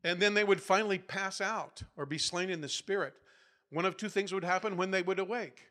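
A man preaching a sermon, telling revival stories and building up to loud, emphatic peaks before settling back down. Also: high-pitched, fairly quick. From United States. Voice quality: not soft-spoken. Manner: storytelling, builds to loud emphatic peaks, laughs between points. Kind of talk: sermon storytelling.

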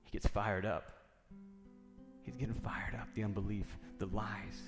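A man's voice: fairly low pitch, little pitch movement, measured pace, pauses often, in a large hall, music in the background. A man reading scripture and preaching a sermon, building to fervent repeated questions. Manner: reads scripture then preaches with rising fervor, repeating lines.

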